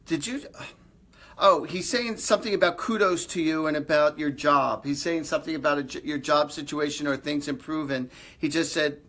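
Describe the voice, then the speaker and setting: A man's voice: a little high, normal speed, a bit bright. A middle-aged man, hosting a live psychic reading and passing on reassuring messages in an earnest voice that often repeats itself. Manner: earnest, reassuring, repeats phrases, jokes lightly. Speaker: psychic medium host. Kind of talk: live-stream reading for viewers.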